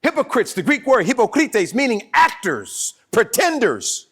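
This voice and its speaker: Southern male pastor, higher-pitched voice, lively emphatic sermon delivery. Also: brisk, hardly any pauses, husky. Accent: Southern American. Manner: animated preaching with laughs and emphatic repeats. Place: church sanctuary.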